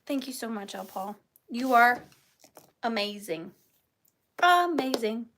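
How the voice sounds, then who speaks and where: A woman's voice: fairly high pitch, moderate pace, fairly bright tone, a little hiss or hum. A woman hosting a live online vintage sale, chatting casually and rambling with playful wordplay. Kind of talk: casual live-stream chat.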